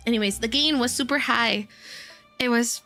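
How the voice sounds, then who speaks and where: A woman streamer chatting casually with her viewers, giddy and hyper, laughing often between unhurried sentences into a desk mic. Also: on the high side, pushed and bright, faint music behind. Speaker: VTuber streamer. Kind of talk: casual livestream chat. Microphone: desk microphone.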